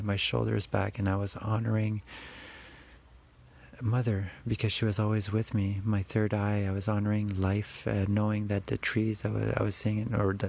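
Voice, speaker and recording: A man's voice: lowish voice, vocal fry, darkish tone. A man giving an earnest, rambling personal spiritual monologue, often restarting his sentences.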